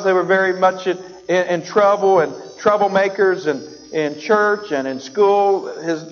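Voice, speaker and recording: A man gives a sermon as pastor, telling a story and voicing its characters along the way. His voice sits high, and the sound is dull, with a long reverb from the church hall. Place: church sanctuary.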